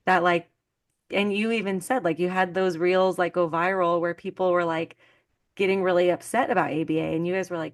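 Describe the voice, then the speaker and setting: A woman's voice: on the low side, fairly even intonation, brisk. A woman hosting a podcast in casual chat, talking loosely with many "like" fillers. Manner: chatty, heavy use of "like" fillers. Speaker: podcast host.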